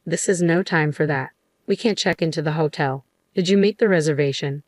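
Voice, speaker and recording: A scheming older mother-in-law with a gloating, mocking way of speaking, as a woman reads her lines. The voice sits low and sounds dry and close, with no room around it. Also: a little fast, darkish tone, dry recording, lightly acted.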